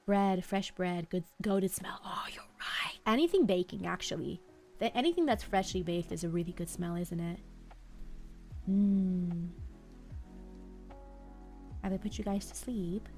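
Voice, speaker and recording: A young woman streaming live, chatting softly and calmly, with a quiet, slightly mumbled way of talking and wandering thoughts. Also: fairly low pitch, measured pace, long pauses, soft background music. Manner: soft-spoken, mumbling, drifting thoughts. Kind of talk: relaxed live-stream chat. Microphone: headphones half off, desk mic.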